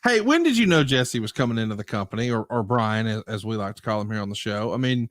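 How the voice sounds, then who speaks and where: A man's voice: on the low side, expressive, fast, no room sound, studio quality, soft background music. A man co-hosting a podcast, asking casual questions and joking with the host. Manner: joking, teasing.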